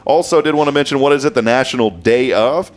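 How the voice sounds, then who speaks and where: Fast-talking, upbeat male morning show host. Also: medium pitch, crowd noise. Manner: upbeat, jokey, talks fast. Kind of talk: casual on-air chat.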